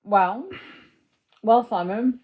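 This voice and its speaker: A woman with hiccups, grumbling in a mock-serious, deadpan way during a casual podcast chat. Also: mid-range voice, very slow, slight background noise. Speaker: podcast co-host.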